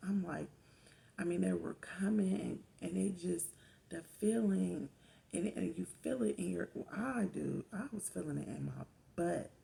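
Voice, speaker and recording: A woman, a mother of four, casually telling her own story in an animated way, getting louder as she relives the pain. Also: on the low side, unhurried, vocal fry. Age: adult mother of four. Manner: animated retelling, rising loud when reliving pain.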